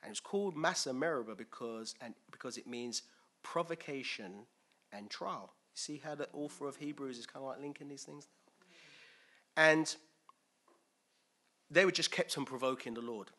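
A man preaching a sermon in a lively, conversational way, asking his listeners questions and acting out the figures he quotes. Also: medium pitch, moderate pace, pauses often.

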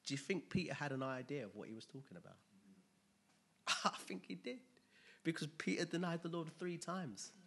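A man preaching a sermon in a conversational way, dropping to quiet asides and rising to loud emphatic bursts. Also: medium pitch.

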